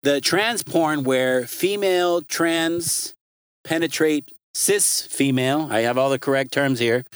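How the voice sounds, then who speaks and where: A man's voice: a little high, slow pace, clean tone, no room sound. A man on a podcast, joking and laughing often in casual chat recorded in a car. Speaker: podcast guest.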